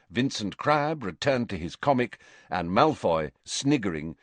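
A deep-voiced man reads a storybook aloud with lively, sweeping intonation. His narration is expressive and animated, recorded dry and close. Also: no echo. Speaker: audiobook narrator. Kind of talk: scripted narration.

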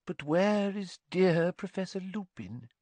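A man's voice: sits high, expressive, takes it slowly, darkish tone, no room sound, pitched above the performer's own voice, heavily acted. A man voicing a misty, haughty older woman seer who speaks in airy, melodramatic tones.

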